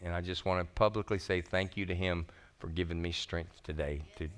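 A man preaching a sermon as pastor, animated and folksy, talking casually to his congregation. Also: low voice, fairly quick.

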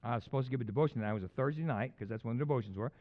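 A male pastor telling a personal story in a sermon, swinging between loud bursts and hushed asides. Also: medium pitch, very fast, lo-fi sound.

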